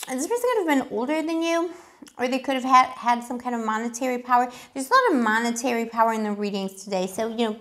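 A woman giving a casual tarot reading, chatty and giggly, with lots of fillers. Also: on the high side. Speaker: tarot reader.

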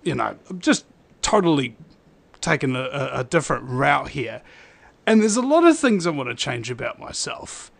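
A man in casual podcast chat, making deadpan puns and pausing on "uh". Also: medium pitch, gravelly. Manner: deadpan punning, halting with "uh".

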